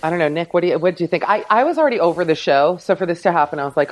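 A woman co-hosting a podcast, making deadpan, dry jokes in casual chat. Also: on the low side, very fast, poor audio.

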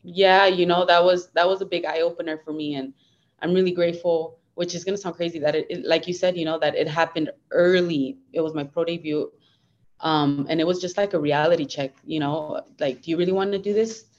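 A woman's voice: low voice, steady tone, fairly quick, lo-fi sound. A young woman fighter talking earnestly and upbeatly as a guest in a casual interview. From United States. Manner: earnest, upbeat, code-switches Spanglish.

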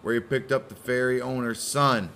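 A man's voice: mid-range voice, steady tone, normal speed, sharp tone, slight background noise. A man co-hosting a casual podcast, retelling a story with lots of swearing and acted-out quotes. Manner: profane, acts out quotes in silly voices. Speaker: podcast co-host.

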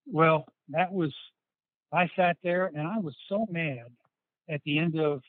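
This ex-footballer, a guest on an interview, has a fairly high voice and speaks a little slowly. His stories wander, with frequent restarts and bits of quoted dialogue. The sound is tinny and phone-like, dry with no echo.

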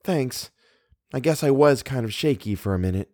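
Male reader playing a jittery, high-strung young woman, raised pitched voice, dry sound. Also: animated, normal speed, darkish tone, no room sound, close to an everyday voice. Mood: subdued. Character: anxious, frightened young woman.

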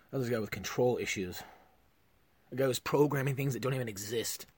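A man hosting a podcast, delivering a profane comedic rant that swings between loud outbursts and low mutters. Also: fairly quick, slightly rough.

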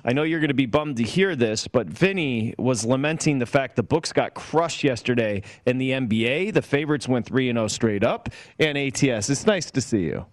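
A man hosting a sports betting radio show, brisk and upbeat as he reads odds and steers the talk. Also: medium pitch, animated, dry recording. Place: radio studio.

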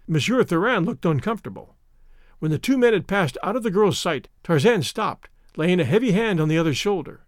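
Guy reading an adventure audiobook, high voice, really lively and expressive, dry close mic. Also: fairly quick, no room sound. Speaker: audiobook narrator. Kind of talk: scripted narration.

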